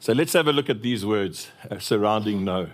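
A man's voice: on the low side, moderate pace. South African man preaching a sermon. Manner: lively storytelling with laughter.

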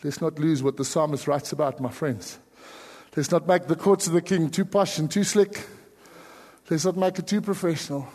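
A South African man preaching in a high, bright voice, his sermon moving between near-whispered pleading and loud outbursts. His words carry a long reverb, as if he stands in a large church hall. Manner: swings from hushed pleading to sudden loud cries. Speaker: pastor.

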